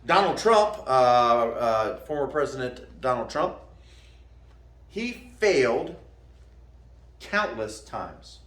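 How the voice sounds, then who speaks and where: A man's voice: medium pitch, big pitch swings, takes it slowly, long pauses, a bit bright, echoey room. A man who teaches martial arts, giving a folksy motivational talk, calling the listener "man" and laughing at his own jokes.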